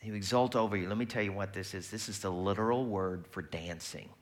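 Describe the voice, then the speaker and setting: A man preaching a sermon in a conversational, lively way, often slipping into quoted voices. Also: fairly low pitch, fast talker. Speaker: pastor.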